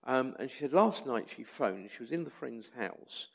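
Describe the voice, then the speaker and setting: A man's voice: mid-range voice, expressive, moderate pace, vocal fry. A man with an English accent, a street chaplain, telling personal stories in a conversational, anecdotal way during a church talk. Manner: conversational anecdotal storytelling, acts out quoted voices.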